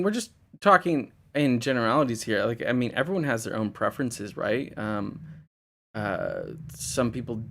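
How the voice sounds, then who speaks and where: A man's voice: medium pitch, gravelly, fairly bright tone. A young man from Indiana, rambling casually on a livestream, laughing and swearing as he reads chat. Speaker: livestream host.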